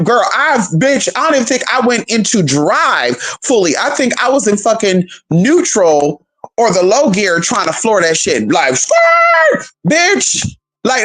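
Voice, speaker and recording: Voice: medium pitch, a bit bright. A vlogger telling a story straight to viewers in casual, profane chat, calling them "y'all" and "girl", with nervous, jumpy asides.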